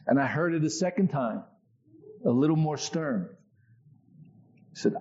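A man's voice: fairly high pitch, measured pace, pauses often, lo-fi sound. A man preaching his life story. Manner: conversational, animated storyteller. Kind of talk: personal testimony in a sermon.

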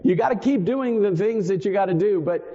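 A man's voice: high-pitched, fairly quick, mellow. A man in his forties preaching a sermon, earnest, repeating key phrases for emphasis with self-deprecating asides. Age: 40s. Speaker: pastor. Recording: dull sound in a long-reverb hall.

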